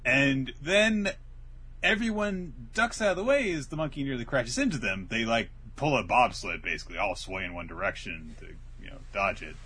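A man in casual chat, animatedly retelling an episode and acting out characters in quick bursts. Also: mid-range voice, lively intonation, pushed and bright, breathy edge. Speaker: podcast co-host recapping an anime.

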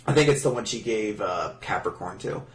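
A man's voice: fairly low pitch, brisk, recorded from a distance. A man co-hosting a casual podcast, recapping manga chapters with frequent laughter and swearing. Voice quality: laughs often, acts out lines in mock voices. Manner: swears, rambling, animated. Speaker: podcast co-host. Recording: roomy, off-mic sound.

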